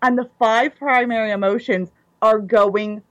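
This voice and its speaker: A woman's voice: fairly high pitch, fairly even intonation, measured pace, no echo, low-quality recording. A woman co-hosting a casual chat, retelling scenes with enthusiasm.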